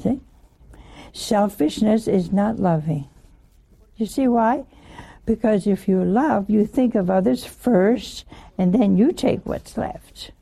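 A woman's voice: mid-range voice, takes it slowly, creaky, mellow. An older woman giving an informal sermon, chatty and laughing, often asking her listeners questions. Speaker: religious teacher.

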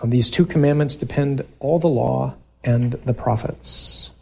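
Gravelly-voiced male preacher, emphatic. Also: mid-range voice, measured pace, darkish tone. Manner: emphatic, punchy repetition mixed with joking asides. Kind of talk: sermon with scripture reading.

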